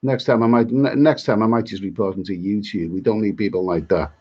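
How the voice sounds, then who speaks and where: A man's voice: fairly low pitch, fairly quick, a little mellow, breathy edge, lo-fi sound. A man hosting a live stream, chatting to viewers in a rambling way, often repeating himself and restarting his words. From Britain. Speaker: travel vlogger hosting a live chat. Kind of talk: live-stream chat, reading viewer comments.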